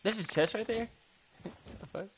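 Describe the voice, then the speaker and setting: A man's voice: sits high, normal speed, a little hiss or hum. A young man doing profane, joking commentary and mock narration over gameplay. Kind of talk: comic gameplay fan dub commentary.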